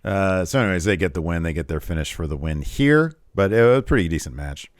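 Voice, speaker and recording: A man's voice: sits low, quick pace, dry recording, studio quality. A man co-hosting a podcast, recapping a wrestling show in casual chat and animatedly acting out what people said. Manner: animated storytelling, acts out quotes. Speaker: podcast co-host.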